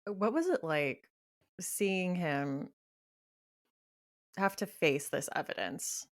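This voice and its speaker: A woman's voice: lowish voice, lively intonation, takes it slowly. A young adult woman hosting a podcast, reacting with short, astonished interjections and asking questions. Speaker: podcast host. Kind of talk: podcast conversation.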